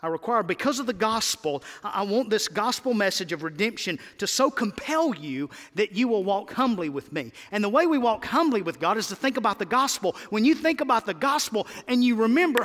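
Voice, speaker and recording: A man's voice: sits high, sing-song, a little fast, few pauses, fairly bright tone, in a large hall. A man preaching a sermon as pastor, impassioned and pleading, with sudden rises in his voice.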